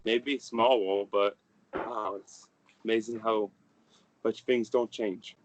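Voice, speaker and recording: A man voicing a nervous young man coming home, who speaks haltingly and hesitantly. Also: on the low side, fairly even intonation, low-quality recording. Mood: wistful.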